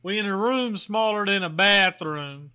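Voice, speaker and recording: A young man chatting casually on a podcast, talking slowly in a drawl. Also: high voice, sharp tone, clean tone. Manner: drawling, slow-talking, laughs at himself. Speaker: podcast co-host. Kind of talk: casual chat.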